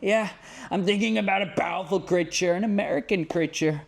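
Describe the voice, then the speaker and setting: A man's voice: sits high, fairly quick, gravelly, voice pushed up. A man putting on a jokey impression of a boastful older American male politician who piles on praise. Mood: flattering. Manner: flattering, rambling, repetitive praise.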